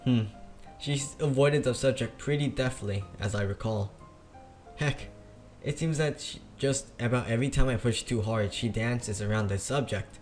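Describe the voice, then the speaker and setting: A man's voice: mid-range voice, normal speed, faint music behind. A young man reading a visual novel aloud, stumbling over words and joking at himself. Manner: stumbling, self-mocking. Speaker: let's play narrator.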